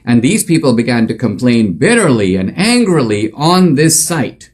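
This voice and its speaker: A man's voice: medium pitch, sing-song, normal speed, darkish tone, husky. A male author and commentator telling a story in an emphatic, conversational monologue with frequent fillers.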